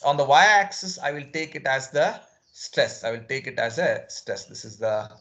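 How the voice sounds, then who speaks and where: A man's voice: medium pitch, expressive, moderate pace, few pauses, a bit bright. A male physics lecturer, teaching an online class and explaining each step over again with frequent "okay"s.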